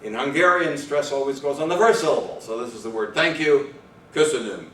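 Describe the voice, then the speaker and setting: A man's voice: medium pitch, animated, a little fast, a bit bright, slight background noise. A man giving an academic talk on language and rhythm, thinking aloud with fillers and small self-corrections. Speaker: lecturer. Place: lecture room. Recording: echoey room from far off.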